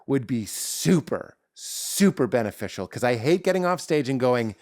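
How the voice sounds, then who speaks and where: A man's voice: mid-range voice, normal speed, dry recording, clean studio sound. A man, a comedian guest on a podcast, talking at length in casual chat and acting out his bits in voices. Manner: animated, acts out bits in character voices.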